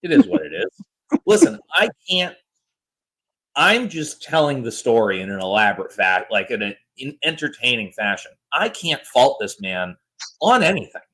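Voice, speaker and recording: A man's voice: mid-range voice, normal speed, poor audio. A man in his thirties co-hosting a podcast, telling stories in a loose, exaggerated way. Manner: animated, exaggerated storyteller. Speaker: podcast co-host. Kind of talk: casual storytelling chat.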